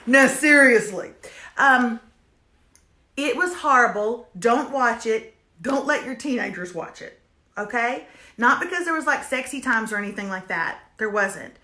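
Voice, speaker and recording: A woman chats to her viewers in a bright, somewhat high voice, reviewing shows and reading their comments aloud. She repeats her lines for comic emphasis. Her voice rings around a reverberant room. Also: lively intonation, measured pace. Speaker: host reviewing streaming shows. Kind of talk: casual livestream chat, reading viewer comments. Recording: echoey room.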